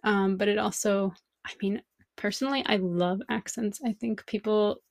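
A woman's voice: medium pitch, steady tone, moderate pace, creaky, no echo. A woman language teacher hosting a podcast, thinking aloud in a reflective monologue full of rhetorical questions.

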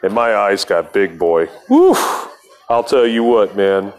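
A man's voice: lowish voice, unhurried. A man hosting a podcast, telling a rambling, profane story in a casual monologue with laughs between lines. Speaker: podcast host.

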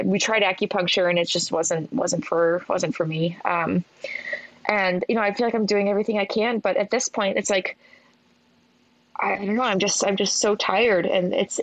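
Weary, halting woman podcast guest. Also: mid-range voice, little pitch movement, no echo, low-quality recording. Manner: halting and weary, many restarts. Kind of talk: casual conversation.

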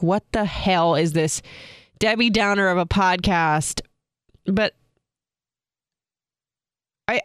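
A young woman tells a personal story on her podcast with frank warmth of detail and frequent "like"s. Her voice has a light gravel to it but stays smooth and clear. The sound is close and dry, with no room behind her. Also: fairly low pitch, no echo. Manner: candid, many filler likes, laughs while telling. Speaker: podcast co-host.

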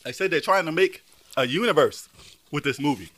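Brief: bright high male co-host, whiny about the heat, introduces topics. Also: lively intonation, fairly quick. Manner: whiny, fussing about his burning mouth. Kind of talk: casual stream chat.

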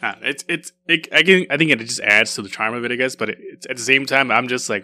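A man's voice: mid-range voice, fast, hardly any pauses, bright, forceful tone, slight background noise. A man co-hosting a podcast, chatting casually and rambling with many restarts. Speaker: podcast co-host. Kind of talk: casual chat.

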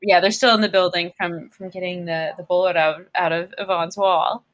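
A woman's voice: lowish voice, moderate pace. A young woman co-hosting a casual chat, adding incredulous commentary as the plot is recapped. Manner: incredulous commentary, lively intonation. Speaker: podcast co-host.

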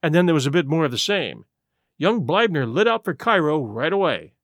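A man's voice: a little high, sing-song, brisk, no echo, studio quality. A man reading an audiobook voices a jittery young secretary. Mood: nervous. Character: nervous young male American secretary. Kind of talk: audiobook character voice.

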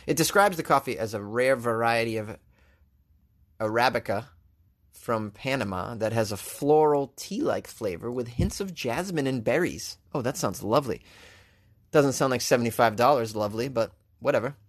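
A man's voice: medium pitch, lively intonation, normal speed. A man hosting a comedic news commentary, reading headlines and riffing on them sarcastically. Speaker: host.

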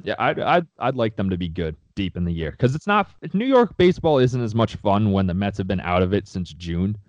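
A man's voice: on the low side, big pitch swings, brisk, no room sound. Profane, fired-up sports podcast man. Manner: profane, heated ranting. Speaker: podcast co-host. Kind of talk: casual sports chat. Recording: dry, slightly dull sound.

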